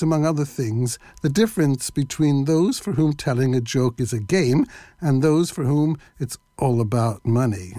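A man giving a measured, explanatory lecture that introduces a recorded clip. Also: medium pitch, dark tone, no echo.

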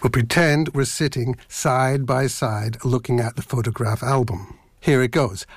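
A man's voice: medium pitch, a little slow, hardly any pauses, breathy edge, no echo. An older man from Philadelphia, with only traces of the accent left, hosting a podcast and playfully reading and discussing poetry. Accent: Philadelphia, mostly covered over. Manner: playful, self-mocking, lively reading voice. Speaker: podcast host. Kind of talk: reflective talk with poetry reading.

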